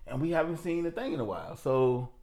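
A man who is a guest on a podcast tells his stories casually. His pitch swings widely as he talks. He acts out the voices of the people and animals in his stories. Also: lively intonation, fast, vocal fry, a little mellow. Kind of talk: casual storytelling.

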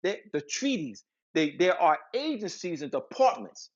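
A man's voice: sits high, big pitch swings, normal speed, highs cut off. A man speaking as a guest author, lecturing with emphatic repetition and frequent restarts. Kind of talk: lecturing interview talk.

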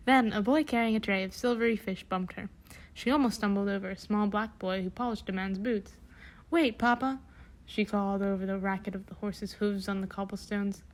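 A woman's voice: medium pitch, steady tone, brisk. Young woman, casual storybook read-aloud, sarcastic asides, slangy. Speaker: reader.

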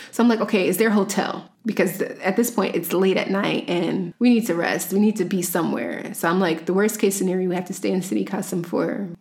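A woman from the United States telling a personal story in a casual, chatty way, full of "like" and acted-out dialogue. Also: medium pitch. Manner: chatty, peppered with "like", acts out dialogue.

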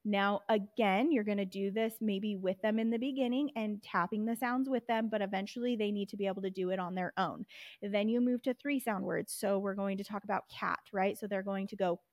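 A woman's voice: mid-range voice, steady tone, fairly quick, no room sound. Woman, teacher, patient step-by-step explanation, dry close sound. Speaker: podcast host and reading teacher. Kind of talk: instructional explanation.

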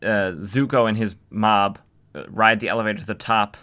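A man's voice: fairly low pitch, fairly even intonation, normal speed, sharp tone. A young man casually recapping old comics as a podcast host, with wry, sarcastic asides.

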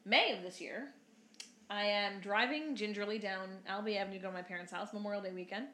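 A woman's voice: mid-range voice, fast, bright, forceful tone, roomy sound. A woman, cohosting a casual chat and telling stories that act out what people said, swearing freely. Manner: swears freely, acts out quotes. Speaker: podcast co-host.

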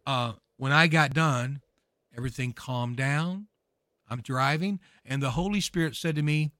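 A man speaking as a guest minister, preaching with fervor and building to emphatic shouts. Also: mid-range voice, unhurried, no room sound, studio quality. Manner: emphatic, rises to shouting peaks. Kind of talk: fervent preaching talk.

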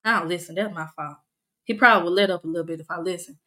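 A woman's voice: lowish voice, fairly even intonation, rapid-fire, pushed and bright, rough recording. A young woman hosting a casual faith podcast, talking in an earnest, conversational way that leans toward a sermon. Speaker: podcast host.

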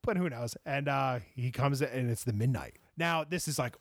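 A man in his thirties telling animated, profane stories in a casual podcast chat. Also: mid-range voice, normal speed, no room sound, clean studio sound. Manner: animated storytelling with swearing and acted-out quotes. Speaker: podcast host.

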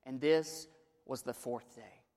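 A man preaching an Easter sermon in a church, swinging between quiet storytelling with joking asides and dramatic shouted build-ups. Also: mid-range voice, slow pace, long reverb tail. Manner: humorous asides. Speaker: pastor.

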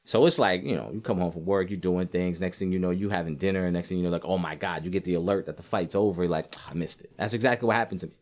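A man giving a casual, animated commentary on boxing, rambling with lots of fillers and acting out quotes. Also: low voice, quick pace, few pauses. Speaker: sports commentator.

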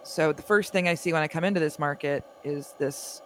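A woman's voice: low-pitched, fairly quick, slight background noise. A woman in casual comic conversation who laughs easily and asks wry, pointed questions. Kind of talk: casual comedic chat.

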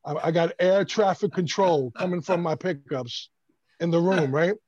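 A man from Brooklyn, New York, tells a casual story with lively energy, stumbling over and restarting his words. His voice sits a little high for a man. The sound is dull and dry. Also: normal speed, husky, no room sound. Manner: animated, stammering restarts. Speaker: bass player guest.

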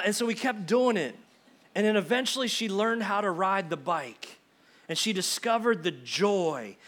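A man's voice: high-pitched, a bit bright. A man, preaching a sermon as pastor in a folksy, storytelling way that often repeats words.

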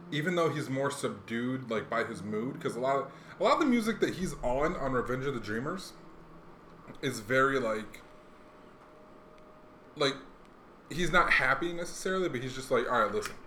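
Rambling young man in an echoey room. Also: mid-range voice. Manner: rambling, fast and animated, lots of fillers. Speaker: podcast host. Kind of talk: casual chat. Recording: echoey room, faint noise.

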